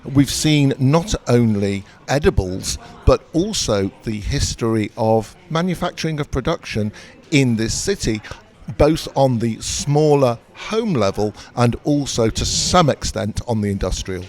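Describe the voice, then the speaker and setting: A man's voice: mid-range voice, expressive, unhurried, a little mellow. A man co-hosting a travel video, describing sights and teasing his partner. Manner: teasing, wisecracking. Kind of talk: travel vlog banter and description.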